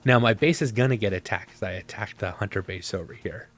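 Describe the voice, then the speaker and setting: Man, low voice, let's-play commentary, rambling, sarcastic, faint background music. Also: fairly quick. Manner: rambling, self-talking, sarcastic asides. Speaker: gameplay commentator.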